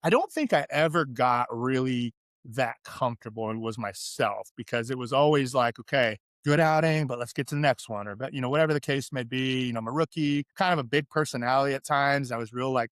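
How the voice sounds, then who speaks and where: A middle-aged man from California, a podcast guest and former pro athlete, telling candid stories in an animated, chatty way. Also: medium pitch, brisk, no room sound, clean studio sound. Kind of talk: interview storytelling.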